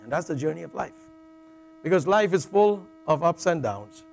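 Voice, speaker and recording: A man's voice: on the high side, expressive, normal speed, vocal fry, a little hiss or hum. A middle-aged man preaching a sermon in a jokey, conversational way, often checking in with "all right" and restarting phrases.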